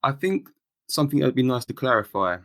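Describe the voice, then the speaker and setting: A man hosting a podcast, asking a guest a question in polite, slightly halting phrasing. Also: medium pitch, expressive, fairly bright tone. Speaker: podcast host. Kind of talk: casual interview question.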